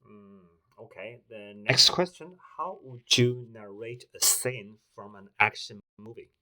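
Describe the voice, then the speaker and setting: Guy testing a voice assistant, kinda hesitant, bright sound. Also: on the low side, takes it slowly, low-quality recording. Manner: hesitant, with many fillers. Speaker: tech reviewer host. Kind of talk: casual talk to a voice assistant.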